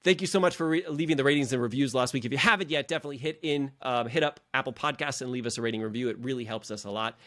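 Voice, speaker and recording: A middle-aged leadership coach hosts a motivational coaching podcast, sounding casual, earnest and encouraging as he keeps calling his listeners "guys." His mid-range voice is a bit bright, and he races along with hardly any pauses.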